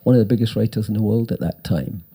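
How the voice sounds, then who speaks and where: An older man, a writer and former actor, telling animated anecdotes in an interview and acting out the quotes. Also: fairly low pitch, fast talker, breathy edge. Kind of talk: storytelling interview.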